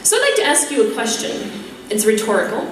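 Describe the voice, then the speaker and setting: A woman's voice: fairly high pitch, big pitch swings, fast. A woman from South Texas with a Texan accent, a nun giving a funny, faith-filled talk to a conference crowd and laughing at her own stories. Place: large conference hall. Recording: echoey hall, speaker far off, crowd noise.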